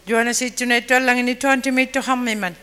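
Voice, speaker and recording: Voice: medium pitch, fairly even intonation, fast talker, sharp tone, clear, resonant tone. An interpreter rendering a sermon phrase by phrase into another language and echoing the preacher's acting. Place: church hall. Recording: echoey hall. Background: long hall reverb.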